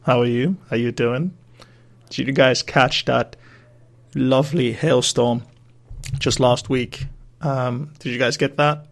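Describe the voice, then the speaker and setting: A man's voice: mid-range voice, steady tone, takes it slowly, creaky, pauses often. A man hosting his own podcast, chatting in a rambling, casual way and swearing freely. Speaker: podcast host. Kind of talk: casual solo podcast chat.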